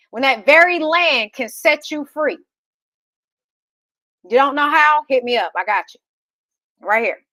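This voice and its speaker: Woman, thirties, motivational host, fired-up, preachy, high voice, dry close sound. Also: a bit bright, dry recording. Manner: fired-up, preachy, rhetorical questions. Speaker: real estate investor and host. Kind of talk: motivational talk to camera.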